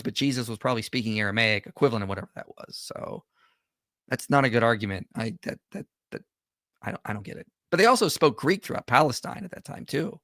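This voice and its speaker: A man hosting casual commentary on a video, sarcastic and animated. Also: mid-range voice, no echo, studio quality. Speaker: channel host.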